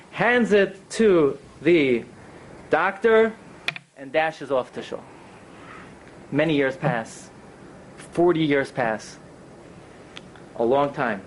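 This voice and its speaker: Animated high-voiced rabbi telling a story. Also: male voice, a little slow, long pauses, slight background noise. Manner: animated storyteller acting out quoted characters. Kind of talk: storytelling talk.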